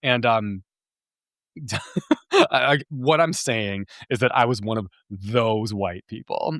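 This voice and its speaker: A man's voice: mid-range voice, slow, a bit bright, no room sound. Podcast host, man in his thirties, casual confessional storytelling, self-deprecating laughs, dry untreated sound. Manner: rambling, frequent fillers and restarts, laughs at himself. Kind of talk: candid personal storytelling.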